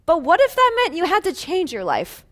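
A woman's voice: very high-pitched, wildly swooping pitch, normal speed. A woman preaching a sermon in a conversational way, asking listeners rhetorical questions and laughing lightly between phrases.

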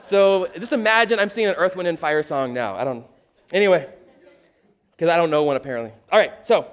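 A pastor preaching a sermon in a conversational, earnest manner with playful asides. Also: male voice, a little high, lively intonation, fairly quick.

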